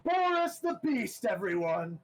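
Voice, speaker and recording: A man doing a booming tournament announcer. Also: sing-song, unhurried, full character voice. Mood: showy. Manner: grand, showy proclamations.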